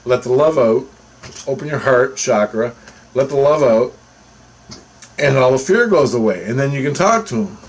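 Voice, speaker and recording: A man with a husky, slightly breathy voice at a middle pitch, recounting a personal experience in loose, casual monologue. He rambles and repeats himself, and grows animated when he quotes others. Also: moderate pace, pauses often, low-quality recording.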